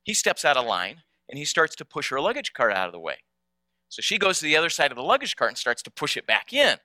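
A man's voice: on the high side, sing-song, fast talker, pushed and bright, dry recording. A man telling a personal story in a conversational way to an audience, often repeating small words as he goes. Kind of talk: storytelling talk.

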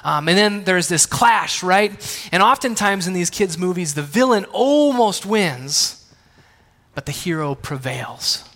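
High-voiced man preaching in a hall. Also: lively intonation, a little slow, fairly bright tone. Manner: conversational, self-deprecating, asks the audience questions. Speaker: pastor. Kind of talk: sermon with family anecdotes. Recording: long reverb of a large hall.

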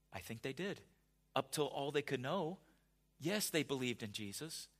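A male pastor giving a conversational sermon, often restarting words and building to emphatic, louder passages. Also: medium pitch.

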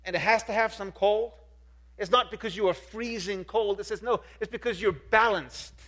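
A man preaching a sermon as pastor, emphatic and repetitive, asking rhetorical questions and swinging from soft to loud. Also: sits high, moderate pace.

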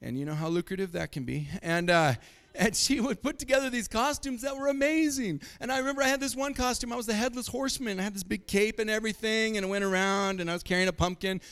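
A man's voice: high voice, quick pace, fairly bright tone, clear, resonant tone. A middle-aged man from Montana preaching a sermon, telling stories and chuckling often. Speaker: pastor.

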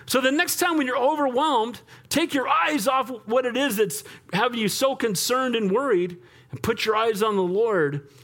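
A male pastor preaching a sermon in a lively, conversational way, often asking the congregation for an amen. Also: very high voice, moderate pace.

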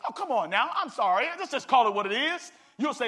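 Pastor, male, high bright voice, lively call-and-response preaching. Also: a little fast, a little hiss or hum. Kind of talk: sermon.

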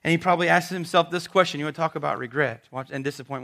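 A man preaching a sermon to a congregation, telling the story dramatically and dropping suddenly to a soft voice. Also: a little high, rapid-fire, gravelly, few pauses. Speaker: pastor. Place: church service before a congregation.

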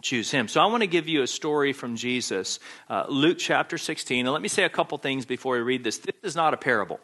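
A man's voice: mid-range voice, animated, quick pace, sharp tone. A man preaching a sermon, emphatic and insistent, hammering home his points by repeating key phrases.

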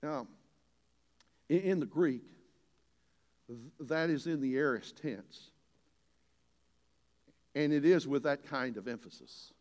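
An older man delivers a sermon in a folksy, conversational way, now and then pressing a point with real force. His voice sits slightly high for a man. A long reverb trails behind every phrase, as in a large church. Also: expressive, slow, pauses often. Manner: folksy, earnest, rises to emphatic preaching. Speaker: pastor.

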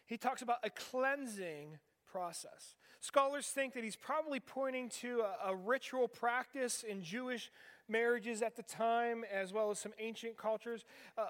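High-voiced pastor in a reverberant hall. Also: male voice, a little slow, fairly bright tone. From western Pennsylvania. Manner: conversational, asks the audience rhetorical questions. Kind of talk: sermon. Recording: long reverb of a large hall.

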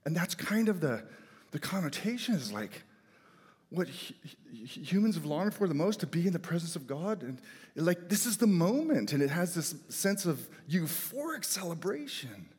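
A middle-aged man preaching a sermon with emphatic delivery, swinging between loud declarations and quiet, soft asides. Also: a little high, very animated, moderate pace, slightly rough. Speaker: pastor. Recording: long hall reverb.

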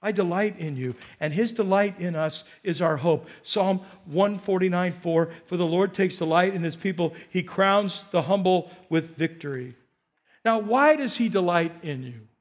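A male pastor preaching a sermon to his congregation, animated, repeating phrases and coaxing the people to answer back. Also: high voice, moderate pace. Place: church.

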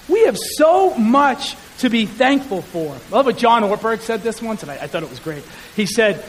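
High-voiced male pastor preaching. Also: a little slow. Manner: animated, conversational, self-deprecating humor. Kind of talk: sermon. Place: church sanctuary. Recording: hall reverb with faint hiss.

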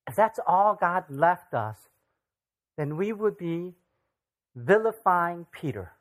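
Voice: medium pitch, lively intonation, slow. A pastor giving a sermon in a casual, conversational way, often asking the listeners questions. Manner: conversational, asks the audience rhetorical questions.

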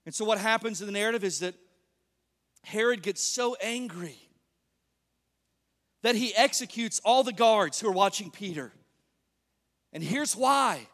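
High-voiced animated male preacher. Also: a little slow, pauses often. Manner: animated, joking, asks the congregation questions. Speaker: pastor. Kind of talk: sermon. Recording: long reverb of a large hall.

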